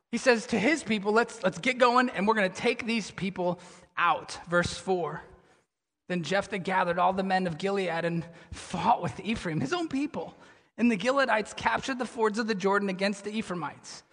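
Male pastor delivering a sermon; bright, forceful tone, reverberant sanctuary sound. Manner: animated storytelling, drops to a low somber tone.

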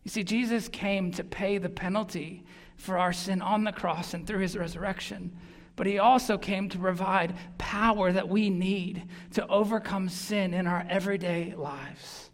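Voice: mid-range voice, fairly even intonation, normal speed. A pastor preaching a sermon in an earnest, emphatic way, often repeating words for stress. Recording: long reverb of a large hall.

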